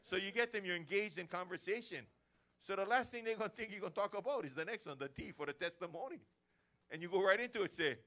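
A man preaches with a bright, forceful ring, his voice sitting a touch high for a man. He keeps the sermon energetic, slipping into everyday chats to make his points. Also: fast talker. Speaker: pastor. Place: church service.

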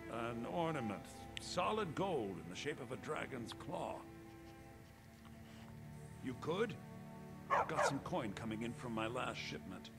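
Brisk male shopkeeper, lively swinging pitch, fantasy game, music underneath. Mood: businesslike. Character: harried male village shopkeeper, defensive. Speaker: game character.

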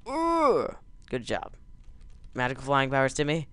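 A man's voice: mid-range voice, wildly swooping pitch, normal speed, fairly bright tone, smooth, dry recording. A man doing goofy gameplay commentary, yelping and joking whenever his character crashes. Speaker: let's play gamer.

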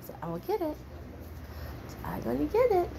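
High, lilting woman cooing at puppies. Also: huge pitch swings, moderate pace, vocal fry. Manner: playful sing-song baby talk, cheering and praising. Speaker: dog breeder filming her puppies. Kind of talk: casual talk to puppies while filming. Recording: noisy room with puppies.

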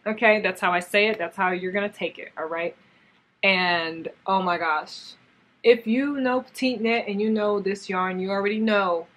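A young woman casually chatting in a crafts vlog, gushing and excitable as she shows off yarn and talks to it and her viewers. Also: mid-range voice, normal speed. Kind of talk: casual haul vlog chat.

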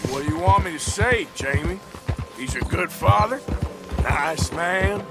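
An actor playing a weary middle-aged male outlaw in a video game, speaking in a gruff, dryly sarcastic drawl. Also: sits high, lively intonation, a little slow. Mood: teasing. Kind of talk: video game cutscene dialogue. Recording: loud game score behind the voice. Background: game music and horses.

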